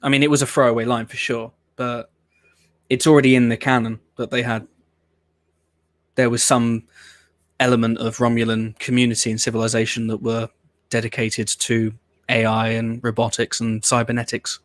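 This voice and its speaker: Male host, mid pitch, loose rambling reaction chat with some swearing; dead dry close-mic sound. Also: flat delivery, normal speed, dry recording. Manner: rambling, opinionated, swears casually. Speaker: host of a watch-along show. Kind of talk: casual reaction commentary.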